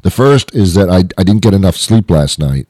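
A man with an extremely deep voice rambles through a comic monologue as a show host. He trips over his own words and swings into mock outrage. The sound is close and completely dry, with no room at all. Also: animated, moderate pace, warm tone, no echo.

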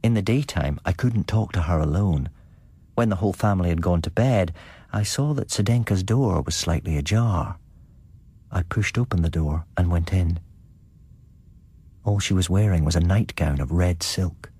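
A man tells a gothic tale in a measured, scripted narration. His voice sits very low with a husky grain, and the recording is dry and close to the mic. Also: a little mellow, no echo.

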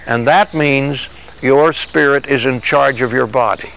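A man's voice: mid-range voice, measured pace, vocal fry, fairly bright tone, slight background noise, poor audio. A man preaching a sermon in an earnest way, acting out dialogue as he teaches. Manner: earnest, acts out dialogue with God and his body.

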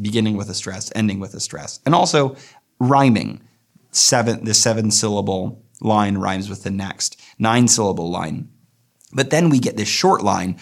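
Gravelly low-voiced man lecturing on poetry. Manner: thoughtful, slows down to read verse aloud. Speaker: literature teacher. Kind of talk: poetry lecture with read-aloud passages.

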